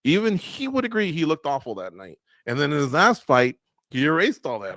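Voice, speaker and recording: A man's voice: on the high side, wildly swooping pitch, brisk, a bit bright, no echo. A man co-hosting a sports radio show, chatting casually and telling stories, acting out quotes and laughing at his own jokes. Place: studio.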